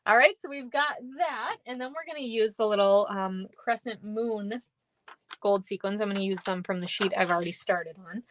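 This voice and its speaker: A woman's voice: medium pitch, normal speed, no room sound. Upbeat, chatty woman teaching a card craft. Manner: chatty, upbeat, thanks viewers by name. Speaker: papercraft demonstrator. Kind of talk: live-stream craft tutorial.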